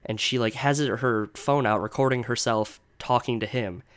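A man's voice: mid-range voice, steady tone, normal speed, a bit bright, clean tone. A young man hosting his own podcast, ranting casually and exasperatedly, swearing often and rambling with lots of fillers. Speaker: podcast host. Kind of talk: casual solo rant.

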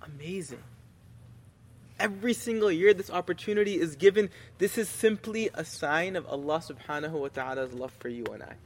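A man's voice: fairly high pitch, expressive, moderate pace, long reverb tail. A man preaching a sermon with passion, reciting Arabic scripture and building to emphatic rhetorical questions.

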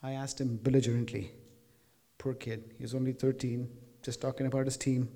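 Male storyteller, earnest and reflective, mellow dark tone, live theater performance. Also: medium pitch, little pitch movement, moderate pace. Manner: earnest, reflective, rhetorical questions. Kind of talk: personal story told to a live audience. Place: theater stage.

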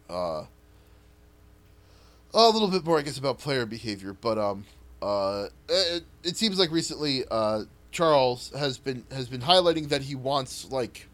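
A man tabletop player in casual chat, telling stories in a rambling, animated way and swearing casually. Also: mid-range voice. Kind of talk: casual podcast chat about a tabletop campaign.

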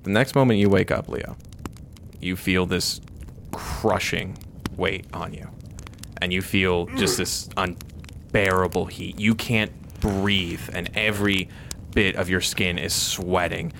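A man running a tabletop game as game master, narrating the scene in a vivid, suspenseful way with pauses. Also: deep voice, fairly even intonation, creaky, fairly bright tone. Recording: noticeable background noise.

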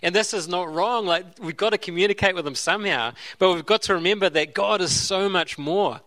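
A man's voice: high voice, a little fast, bright, forceful tone. A man preaching a sermon in an earnest way, often repeating and restarting his phrases. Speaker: pastor.

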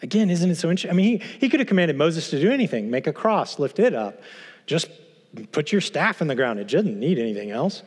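A man's voice: a little high, very animated, fast, a little mellow, husky. A man teaching through a Bible passage, earnest and emphatic, posing rhetorical questions to his listeners. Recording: long hall reverb.

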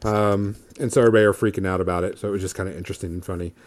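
A man's voice: sits low, steady tone, racing. A man in his thirties, a podcast co-host, telling a story in casual chat, rambling with lots of fillers.

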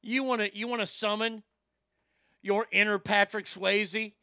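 A man's voice: high voice, fairly even intonation, a little slow, bright, forceful tone, smooth, no room sound, studio quality. A man hosting a commentary show, delivering a brash, swaggering, profane comedic rant. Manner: brash, swaggering, heavy swearing.

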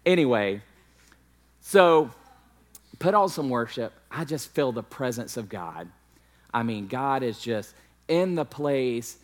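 A man's voice: medium pitch, lively intonation, slow, pauses often. Man preaching a candid personal story. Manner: candid, self-deprecating storytelling with acted quotes. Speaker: pastor. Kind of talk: sermon storytelling.

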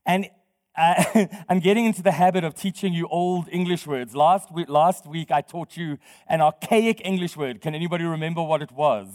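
A man with a high voice delivers a sermon, chatting with his congregation, putting questions to them and laughing often. His voice rings with a long reverb, as though he is speaking in a large church hall. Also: moderate pace, darkish tone. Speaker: pastor.

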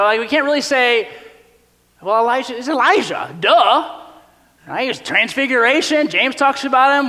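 A man preaching a sermon in a casual, animated way, often acting out quotes in other voices. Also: high voice, long reverb tail. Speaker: pastor.

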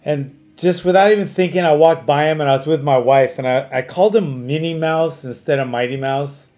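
A middle-aged man with a fairly high voice chats on a podcast. He tells stories in an animated, rambling way, full of fillers and restarts. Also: fairly quick. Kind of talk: casual chat.

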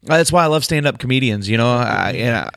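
A man's voice: mid-range voice, lively intonation, a little fast, vocal fry, a bit bright, no echo, clean studio sound. A man hosting a casual podcast, talking in an opinionated, candid way with casual swearing. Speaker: podcast host.

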